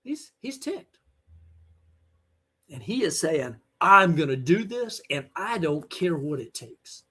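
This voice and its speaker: Man, Bible teacher, online sermon; high-ish husky voice, blunt and scolding. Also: very animated, takes it slowly, bright, forceful tone.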